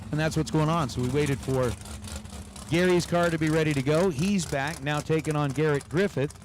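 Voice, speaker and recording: Guy doing drag race play-by-play, a bit high voice, chatty, faint noise behind. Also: moderate pace. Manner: chatty, reads viewer chat aloud between races. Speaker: race announcer. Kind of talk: livestream race commentary with chat.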